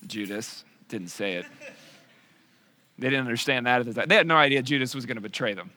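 A male pastor preaching a sermon in an animated, conversational way with joking asides. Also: mid-range voice, brisk.

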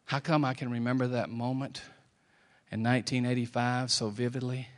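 A middle-aged man preaching a sermon, telling a personal story and swinging from quiet, slow lines to loud ones. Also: mid-range voice, level tone. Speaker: pastor.

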